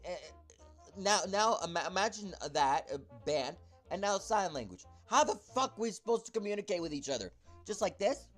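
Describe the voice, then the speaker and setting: A man's voice: high voice, sing-song, normal speed, a bit bright, faint music behind. A man ranting into a camera at home, rambling with lots of fillers and swearing. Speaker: YouTuber in a clip. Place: indoors at home, talking to a camera.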